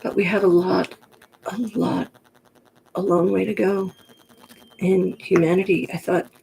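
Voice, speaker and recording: A woman with a gruff, gravelly voice talks to her camera in a loose, rambling way. She grew up in the New York Pocono area and speaks frankly, drifting from one thought to the next, with faint noise in the background. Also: on the low side, flat delivery, unhurried, a little mellow, poor audio. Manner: chatty, digressive, frank. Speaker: vlogger. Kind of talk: casual rambling monologue to camera.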